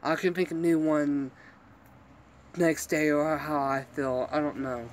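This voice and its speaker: A man's voice: fairly high pitch, steady tone, slow, a little hiss or hum. A man venting to his viewers in a vlog, upset and rambling, swearing constantly and apologizing for going off. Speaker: vlogger.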